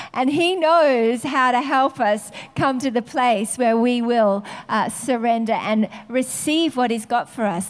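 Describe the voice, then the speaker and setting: A woman preacher giving a conversational sermon, often pausing with fillers. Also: high-pitched.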